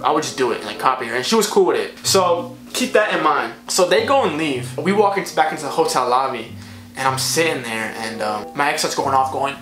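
Brief: young male vlogger, fast and lively, rambling storyteller, roomy echo. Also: fairly high pitch. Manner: rambling, animated, filler-heavy. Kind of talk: storytime vlog. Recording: echoey room, faint music.

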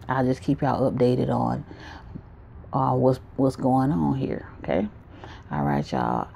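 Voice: medium pitch, vocal fry, warm tone, a little hiss or hum. A vlogger, rambling casually straight to the viewers through a handheld phone camera. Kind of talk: casual vlog talk to viewers.

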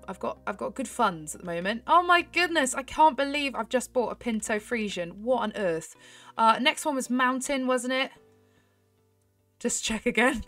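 A young woman chatting excitedly to her viewers while she plays a horse game, giggling often. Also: fairly high pitch, no echo. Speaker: gaming YouTuber. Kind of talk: casual gameplay commentary.

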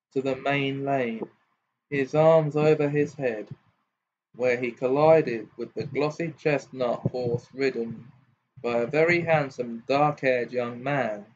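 A man narrates an audiobook at an unhurried, deliberate pace. His delivery is measured and even, with a mid-range voice. The home recording is dull and lo-fi. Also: mid-range voice, a little hiss or hum. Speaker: reader.

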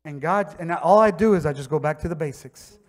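Miami pastor guy preaching, high voice, chatty stories then gets fired up and loud. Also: a little fast. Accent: Miami English. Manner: impassioned preaching that builds to shouting; conversational storytelling with acted quotes. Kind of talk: sermon. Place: church sanctuary.

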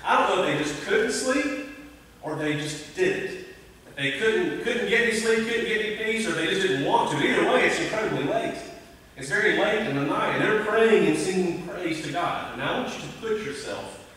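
A man preaching a conversational, animated sermon, recorded from a distance in a church sanctuary. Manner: conversational, animated preaching with sudden rises in pitch. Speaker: pastor. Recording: echoey church hall, voice from a distance.

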